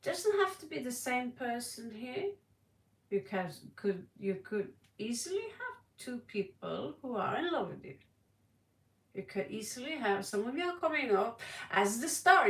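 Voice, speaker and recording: A woman with a Norwegian accent giving a tarot reading on a livestream, talking dramatically with sudden loud stresses. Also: on the high side, sing-song, moderate pace, vocal fry, far from the mic. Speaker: tarot reader. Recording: echoey room, voice a bit off-mic.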